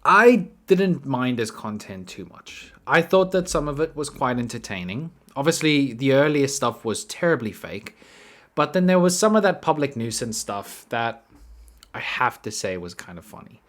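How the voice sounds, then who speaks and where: A man's voice: mid-range voice, sing-song, normal speed, a bit bright. A man giving casual, chatty commentary, often tagging his sentences with "right?". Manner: chatty, tags lines with "right?". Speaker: commentary YouTuber.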